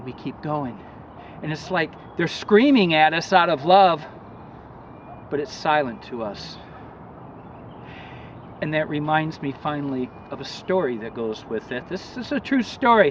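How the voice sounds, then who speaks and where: Man, earnest recovery talk, fairly high voice, distant from the mic, muffled lo-fi sound, faint traffic outside. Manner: earnest, acts out shouts in his story. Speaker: recovery counselor. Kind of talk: motivational talk with a story.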